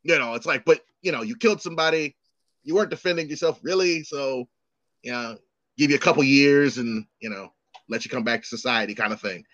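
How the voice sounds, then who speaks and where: This middle-aged man hosts a podcast, speaking at medium pitch and a little fast on a recording with no echo and the highs cut off. He tells stories in a casual chat, animated, acting out the quoted voices and swearing freely.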